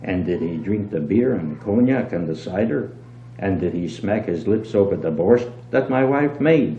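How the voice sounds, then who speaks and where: A man reading aloud and voicing a shrewd, calm innkeeper who talks with wheedling mock innocence. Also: low-pitched, normal speed. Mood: innocent. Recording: dull, roomy old home tape with hum.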